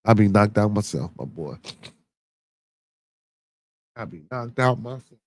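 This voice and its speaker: A man's voice: lowish voice, animated, unhurried, dry recording. A man hosting a casual livestream podcast, talking in slang and repeating his catchphrases three times over. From Chicago. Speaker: podcast host.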